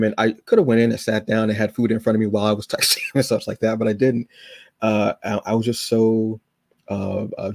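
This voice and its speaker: A man's voice: fairly low pitch, gravelly, mellow, breathy edge, dry recording. A man hosting a podcast, chatting casually and emotionally, rambling with many restarts and fillers. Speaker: podcast host. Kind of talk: casual chat.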